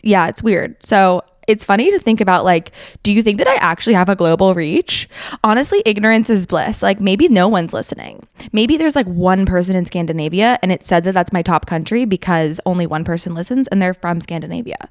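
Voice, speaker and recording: A woman's voice: on the low side, expressive, fairly quick, no echo, studio quality. A young woman hosting her own podcast in a casual, chatty, self-mocking way, laughing often as she talks. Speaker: podcast host. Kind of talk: casual solo podcast chat.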